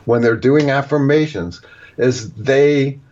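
A man's voice: mid-range voice, takes it slowly, a little mellow. A man being interviewed as an author, explaining at length and acting out little example quotes as he goes. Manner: digressive, explaining with acted-out examples. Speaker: author and guest. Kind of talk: casual interview talk. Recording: dull lo-fi audio.

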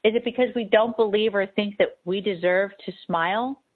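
A woman's voice: mid-range voice, normal speed. A woman host and spiritual advisor giving an emphatic, repetitive radio talk monologue. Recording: tinny phone-like sound.

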